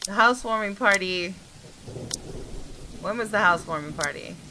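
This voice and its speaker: A woman's voice: mid-range voice, moderate pace, noisy background. A woman hosting a gameplay video, chatting casually and thinking aloud as she reads a visual novel. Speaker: gaming video host. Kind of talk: Let's Play commentary and reading aloud.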